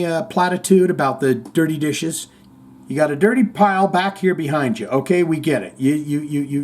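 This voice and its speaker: A man's voice: fairly high pitch, a little mellow. A man hosting a casual livestream podcast, reading viewer comments aloud in a rambling, joking way with the odd swear.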